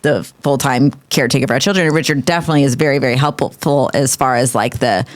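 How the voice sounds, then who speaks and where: A woman co-hosting a podcast with her husband, relaxed and chatty, reading out list items. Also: very deep voice, fast talker. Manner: relaxed, reads list items aloud, lively. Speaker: co-host, wife, full-time mother. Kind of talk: casual couple's podcast chat.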